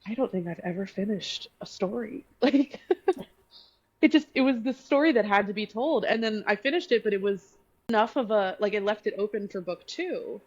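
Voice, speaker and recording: A woman author speaks as a podcast guest, hesitant and laughing often between fillers. Her pitch sits in the middle range. The recording is muffled and lo-fi. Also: moderate pace, a little mellow. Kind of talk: casual podcast interview.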